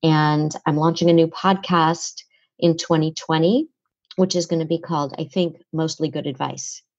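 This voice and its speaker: A woman psychotherapist answering interview questions in a measured, matter-of-fact way. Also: low voice, fairly even intonation, a little mellow, dry recording, lo-fi sound. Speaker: psychotherapist guest. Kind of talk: podcast interview.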